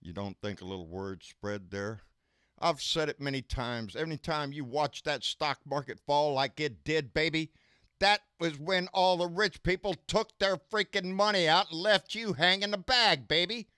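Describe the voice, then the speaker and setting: A man's voice: a little high, moderate pace, pushed and bright, clear, resonant tone, no echo, clean studio sound. A man hosting a casual live stream, folksy and profane, calling everyone "baby" as he chats and rants.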